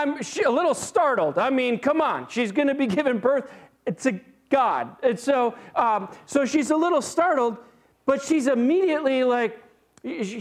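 A pastor with a notably high voice preaches a sermon in an animated, conversational style, stumbling into restarts and fillers along the way. His light pitch climbs even higher when he gets excited.

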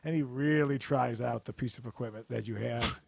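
A man's voice: mid-range voice, brisk, vocal fry, husky. A man co-hosting a casual chat, rambling and joking, often breaking into laughter. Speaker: podcast co-host.

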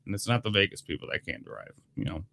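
A man chatting excitedly in a casual taste-test vlog, talking to his viewers. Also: low-pitched, fast talker, vocal fry. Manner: excitable, chatty, lively delivery. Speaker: vlogger. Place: Las Vegas.

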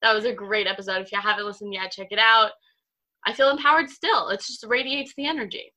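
Young woman gabbing on a video call podcast, bright voice, bubbly and rambly. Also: medium pitch, steady tone, quick pace. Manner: chatty, upbeat, lots of fillers. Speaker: podcast co-host. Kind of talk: casual chat.

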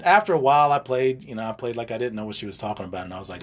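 An older man with a husky voice talks about his life in a relaxed, rambling way. His pitch rises and falls a lot as he goes off on side stories and jokes. He speaks as a relationship coach on a casual chat show. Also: rapid-fire, few pauses.

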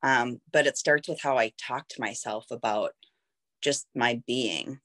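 In a rumbling low, slightly bright voice, she speaks unhurriedly as a guest in an intimate conversation. This woman in her thirties is candid and unguarded, searching for her thoughts aloud and leaning heavily on "like".

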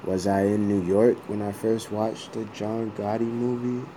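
A man's voice: fairly low pitch, level tone, unhurried, noisy background. A man talking casually to the camera, meandering and thinking aloud, with some swearing. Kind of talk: casual rambling vlog.

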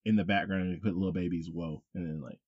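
A man's voice: low-pitched, fairly even intonation, quick pace, husky, no room sound, lo-fi sound. A man co-hosting a podcast in laid-back casual chat, making dry remarks. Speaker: podcast co-host.

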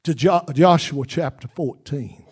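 Fervent preacher with a high voice. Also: male voice, measured pace, slightly rough. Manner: fervent, repetitive preaching that builds to shouts. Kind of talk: sermon.

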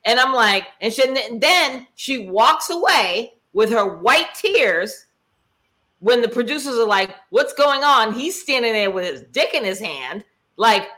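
A woman co-hosting a casual recap chat over a video call, blunt and animated, acting out what others said. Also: a little high, measured pace. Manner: blunt, animated, acts out quotes. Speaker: podcast co-host.

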